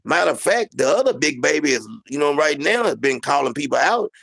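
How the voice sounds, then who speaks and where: A man hosts a casual sports talk show in a gravelly voice, rambling and repeating his points. The sound is dry and close, with no room around it. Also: a little high, sing-song, fairly quick, fairly bright tone, no room sound, low-quality recording. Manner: rambling, repeats himself, lots of "you know what I'm saying".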